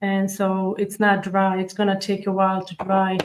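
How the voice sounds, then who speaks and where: A woman's voice: mid-range voice, completely flat delivery, normal speed, slight background noise, poor audio. A woman hosting a live cookie-decorating stream, chatting with viewers and explaining each step as she works. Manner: chatty, demonstrates step by step while reading viewer comments. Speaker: cookie decorating livestream host. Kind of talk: live tutorial chat.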